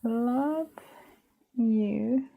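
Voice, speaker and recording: A woman from the UK hosting a live crafting stream, talking casually and thinking aloud as she works, now and then trailing off into soft murmurs. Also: a little high, extremely slow, vocal fry, narrow, tinny audio. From United Kingdom. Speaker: crafting livestream host.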